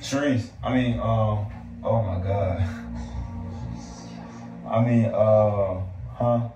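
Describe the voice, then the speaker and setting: A man's voice: lowish voice, steady tone, extremely slow, over music. A man pranking his girlfriend in casual chat, teasing and acting innocent. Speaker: prankster vlogger. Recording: echoey room with background noise.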